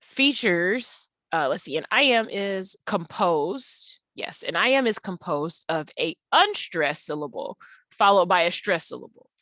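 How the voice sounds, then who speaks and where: A woman English tutor giving an online lesson, explaining patiently and stretching words out slowly to show how they sound. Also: fairly low pitch, very animated, fairly bright tone, dry recording.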